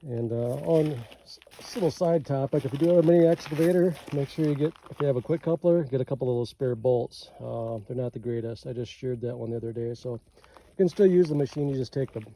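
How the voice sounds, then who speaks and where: A man's voice: medium pitch, a little fast, mellow, a little hiss or hum, rough recording. A man with a Minnesota accent casually talking through ranch maintenance in a rambling, self-deprecating vlog, recorded outdoors on a ranch. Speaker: ranch owner vlogger.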